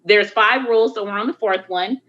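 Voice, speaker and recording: A woman's voice: medium pitch, fairly quick, a bit bright. Blunt, foul-mouthed woman podcast host. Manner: blunt, profane, joking. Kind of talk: casual chat. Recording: dull lo-fi recording.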